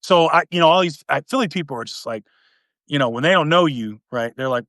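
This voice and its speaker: A man's voice: on the high side, quick pace, dry recording, studio quality. A middle-aged man from East Tennessee, chatting casually as a podcast host and telling stories, acting out the voices of the people in them. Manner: animated storyteller, acts out quoted voices. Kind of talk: casual storytelling chat.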